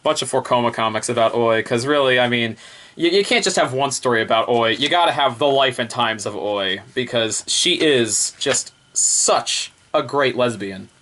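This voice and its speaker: A man's voice: medium pitch, moderate pace, fairly bright tone, slight background noise. A man casually reviewing a magazine, rambling, laughing often and repeating the same fillers.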